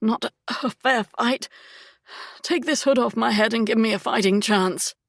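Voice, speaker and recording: A defiant young duke, held against a wall but refusing to back down, as a woman narrator takes him on. He speaks in strained, clipped demands, with a gravelly catch in the voice, and the read stays close and dry on the mic. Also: on the high side, unhurried, fairly bright tone, dry recording, voice pushed up. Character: young male duke, cornered yet defiant.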